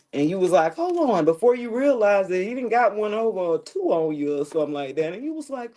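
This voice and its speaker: A woman's voice: medium pitch, expressive, a little fast, warm tone. Joking, laughing woman hosting a live tarot stream. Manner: loose and joking, with slang and profanity, often breaking into laughter. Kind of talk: casual live-stream chat.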